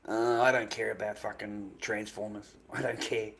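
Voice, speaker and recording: A man's voice: lowish voice, little pitch movement, normal speed, gravelly, hardly any pauses, fairly bright tone. An Australian man ranting casually on his live stream, profane, rambling and dismissive.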